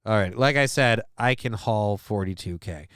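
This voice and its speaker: A man's voice: on the low side, moderate pace, a bit bright, smooth, no room sound, clean studio sound. A man hosting a livestream, reading news stories aloud to his chat and cutting in with sarcastic, profane jokes. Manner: sarcastic, profane, joking asides. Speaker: livestream host.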